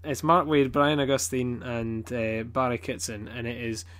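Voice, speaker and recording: Brief: Scottish man, casual podcast chat, blunt and sweary, rambles with fillers, mid-pitched. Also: level tone, moderate pace, a bit bright.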